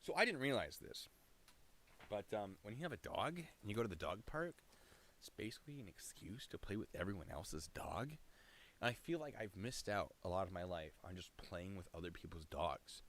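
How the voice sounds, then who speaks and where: Guy live streaming, kinda low voice but really bouncy, keeps trailing off and restarting. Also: lively intonation, normal speed, fairly bright tone. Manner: rambling, self-interrupting, chatty. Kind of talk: casual live-stream chat.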